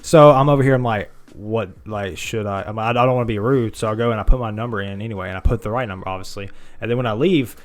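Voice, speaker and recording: A man's voice: mid-range voice, racing. A man in his twenties talks in a mid-range voice. He rambles and hesitates while he chats with his co-host. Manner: rambling, hesitant, laughs often. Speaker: podcast co-host. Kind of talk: casual chat.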